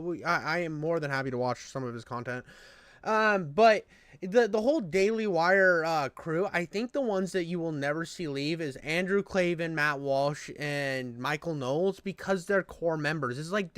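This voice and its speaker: Male streamer, high and smooth, dry sound, rambling and profane. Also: fairly bright tone, dry recording. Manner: rambling, profane, calls everyone dude. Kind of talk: casual live-stream chat.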